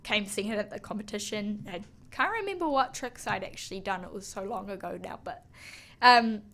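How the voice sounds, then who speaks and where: A woman's voice: medium pitch, slight background noise. Young woman telling a story, lots of fillers. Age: young adult. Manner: animated, halting with fillers. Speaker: guest, snowboarder. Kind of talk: casual storytelling interview.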